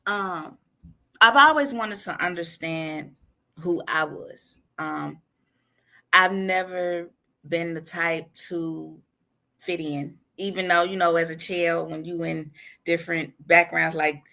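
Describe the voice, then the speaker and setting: A woman's voice: fairly low pitch, slow pace, creaky. A woman from Ohio with a distinctive accent that others cannot place, a guest author in a casual interview who tells stories with laughter and acts out what people said. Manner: animated, laughing storyteller who acts out quotes.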